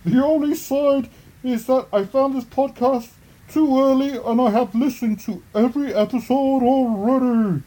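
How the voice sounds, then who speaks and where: Man putting on high sing-song voice, reading a review, mellow. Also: steady tone, measured pace, rough recording. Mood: mock earnest.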